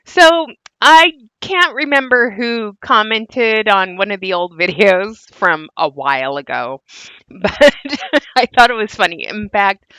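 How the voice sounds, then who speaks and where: A woman's voice: medium pitch, lively intonation, measured pace, bright, forceful tone, clean tone, no room sound. A woman hosting a casual commentary video, sarcastic and given to laughing at what she shows. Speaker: commentary host.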